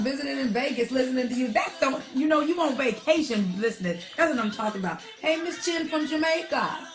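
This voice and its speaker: A high-pitched woman hosts a casual live stream, greeting her viewers one by one in an affectionate, chatty way full of y'all and honey. Her voice comes through a webcam-style mic, with an R&B song playing faintly behind her. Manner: chatty and affectionate, calling viewers darling, girl and honey, heavy use of y'all. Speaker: live show host. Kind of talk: casual livestream chat reading viewer shout-outs. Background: R&B song playing softly.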